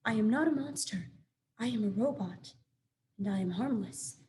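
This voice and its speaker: A woman voicing a stiff, overly formal female robot in a storybook reading, speaking slowly and carefully. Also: a little high, animated, a little mellow, natural voice. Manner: stiff and formal, slow and measured.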